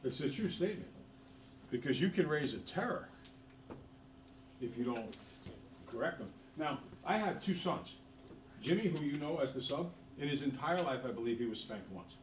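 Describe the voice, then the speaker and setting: A middle-aged man teaching a math class, a joking and animated storyteller, recorded in a classroom from a camera at a distance. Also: on the high side, normal speed, pauses often. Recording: echoey room from far off, background noise.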